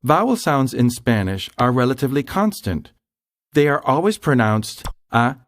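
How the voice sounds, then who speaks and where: A man narrating a scripted grammar lesson in a slow, careful, explanatory way. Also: medium pitch, sing-song, no room sound, studio quality. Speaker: language tutor.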